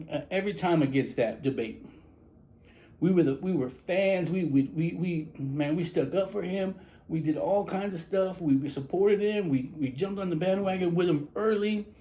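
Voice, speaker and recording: A high-pitched, warm-toned man from San Antonio, Texas, talks casually to camera as a barber in a low-quality recording. He rambles, repeats himself, and often restarts sentences.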